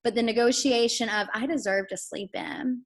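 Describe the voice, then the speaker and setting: A woman rallies her team on a video call, earnest and emphatic. Her voice sits a little on the high side. She breaks into quick apologetic asides as she pushes them on. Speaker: network marketing team coach. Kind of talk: motivational group training on a video call.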